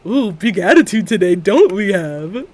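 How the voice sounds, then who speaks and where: A woman's voice: medium pitch, animated, a little slow, a little mellow. A woman streamer chatting casually while building in a game, rambling, joking and laughing often.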